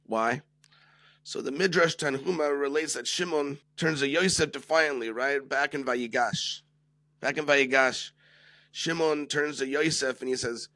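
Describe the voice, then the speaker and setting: A man's voice: mid-range voice, unhurried, sharp tone, no echo. A man teaching a Torah lesson, who keeps asking "right?" to check that listeners follow and acts out the speakers he quotes.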